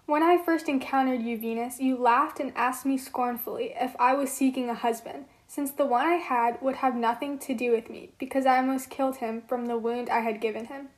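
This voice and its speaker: A woman's voice: high-pitched, fairly even intonation, moderate pace, few pauses, lightly acted. A woman voicing Psyche, a young mortal woman, in an amateur read-aloud role-play, reading her lines earnestly.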